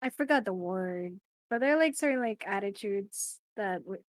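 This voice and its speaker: A woman from the Philippines, chatting as a podcast guest with animated, quick reactions. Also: medium pitch, no room sound. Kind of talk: casual podcast chat.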